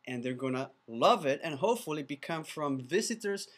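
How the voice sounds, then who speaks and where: A man's voice: on the high side, expressive, brisk, a bit bright. Enthusiastic man with a non-native English accent. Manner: enthusiastic, chatty, frequent restarts. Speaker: animated video producer teaching a course. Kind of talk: casual course pitch to camera.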